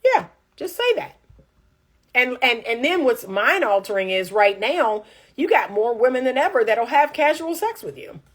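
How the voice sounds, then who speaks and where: A woman's voice: fairly high pitch, sing-song, moderate pace. A woman relationship coach chatting casually and reading viewer comments. She is emphatic and repeats lines for punch.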